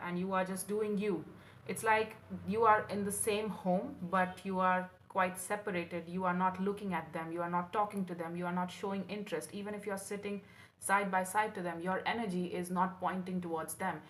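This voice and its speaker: A woman's voice: on the low side, steady tone, moderate pace, slight background noise, poor audio. A woman giving a casual tarot reading, talking in a rambling, repetitive way and acting out what people might say. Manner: rambling and repetitive, acts out quoted lines. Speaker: tarot reader.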